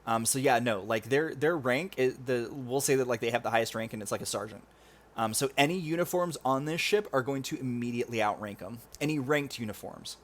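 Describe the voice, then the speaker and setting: A man's voice: mid-range voice, brisk, a bit bright. Hesitant man running a tabletop game. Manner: hesitant, lots of fillers. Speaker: game master. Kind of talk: explaining rules in a tabletop game.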